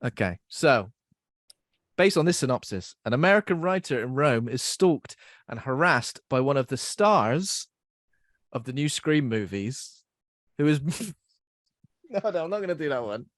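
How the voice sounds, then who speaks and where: A man's voice: mid-range voice, very animated, measured pace, pauses often, no room sound, clean studio sound. A young man hosting a podcast in casual chat, rambling and self-deprecating as he laughs at his own jokes. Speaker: podcast host.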